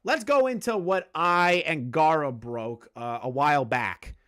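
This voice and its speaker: A man's voice: fairly high pitch, measured pace, a bit bright. A heated, cursing male streamer. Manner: heated, profane and repetitive, hammering points home; reads messages aloud and comments on them. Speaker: streamer commenting on online drama. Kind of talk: live stream commentary.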